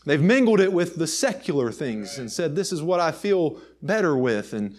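A man's voice: a little high, big pitch swings, normal speed, hardly any pauses, a little mellow. A man preaching a sermon with emphasis, reading old scripture aloud.

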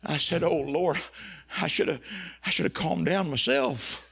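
Preacher guy, gravelly voice a bit high, folksy story then preaching hard. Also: big pitch swings, unhurried, a bit bright. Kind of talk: sermon.

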